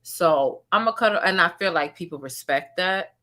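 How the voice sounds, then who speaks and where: Low-voiced woman, bright and candid. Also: animated, normal speed. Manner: candid, conversational, trails off and repeats words. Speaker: commentary channel host. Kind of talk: casual live-stream chat.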